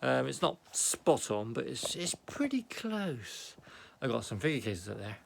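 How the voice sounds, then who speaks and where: A British man with a medium-pitched, very animated voice speaks at a measured pace with some vocal fry, over a faint hiss or hum. He's vlogging from his home office in Britain, showing off his painted miniatures in a chatty, self-mocking, rambling way and often muttering asides. His accent is British English.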